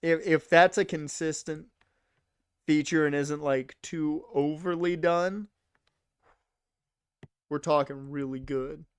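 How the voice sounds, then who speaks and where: A man's voice: a little high, steady tone, takes it slowly, long pauses, smooth, no echo. A young man rambling casually to his chat while streaming a game. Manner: rambling, chatty, talks to chat.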